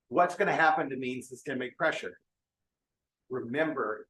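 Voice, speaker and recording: A man giving a keynote medical lecture, explaining step by step and often checking that the audience follows. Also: fairly high pitch. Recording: echoey lecture hall.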